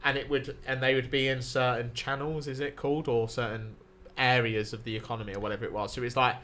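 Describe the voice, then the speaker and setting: A man's voice: medium pitch, level tone, quick pace, a bit bright. A man, a podcast guest telling a rambling night-out story with swearing and laughter. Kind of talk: casual storytelling.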